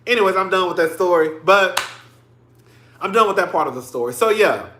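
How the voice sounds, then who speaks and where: Chatty high-voiced man on a livestream. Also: animated, a little fast, sharp tone, echoey room, a little hiss or hum. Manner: chatty, calls listeners "girl" and "y'all"; emotional, tearing up on stream. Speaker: livestream commentary host. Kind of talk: casual livestream commentary.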